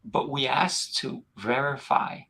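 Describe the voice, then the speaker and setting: A man co-hosting a casual spiritual chat, talking calmly like a teacher and acting out bits of dialogue. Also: mid-range voice, slow, gravelly, poor audio. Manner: calm, teacherly, acts out dialogue. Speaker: co-host and coach.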